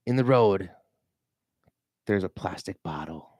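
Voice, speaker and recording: A middle-aged man rambling in a casual vlog, telling animated stories and swearing freely. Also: mid-range voice, normal speed, dry recording, studio quality. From Minnesota. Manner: animated storytelling, mimics voices, swears freely. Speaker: realtor vlogger.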